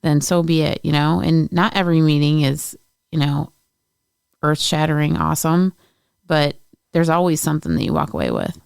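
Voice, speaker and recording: Gravelly, smooth-toned podcast co-host. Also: mid-range voice, lively intonation, normal speed, dry recording, clean studio sound. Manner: supportive, conversational. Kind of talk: casual chat.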